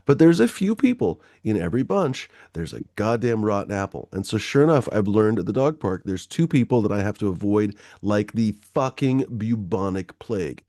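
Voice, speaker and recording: A man's voice: lowish voice, moderate pace, few pauses, no echo, clean studio sound. A man telling a long personal anecdote in casual chat, swearing freely and full of fillers. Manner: profane, animated anecdote-telling with many fillers.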